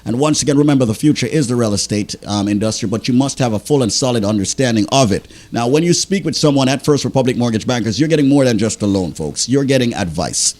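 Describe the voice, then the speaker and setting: A man's voice: mid-range voice, animated, quick pace, few pauses, darkish tone. A man hosting a radio show, agitated and pleading, tripping over his words as he urges listeners on in a studio. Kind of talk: impassioned radio sales talk.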